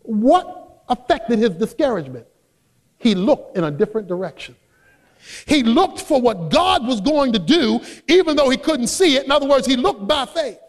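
A man preaching a sermon as a pastor, emphatic and rising to shouts on key points. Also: very high-pitched, long reverb tail. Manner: acts out quoted voices in his own voice.

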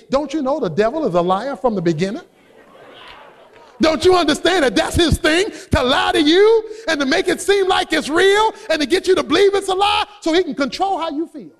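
High-voiced preaching man in a reverberant hall. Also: animated, moderate pace. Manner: emphatic preaching, rising to shouts on key points; acts out quoted voices in his own voice. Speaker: pastor. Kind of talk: sermon.

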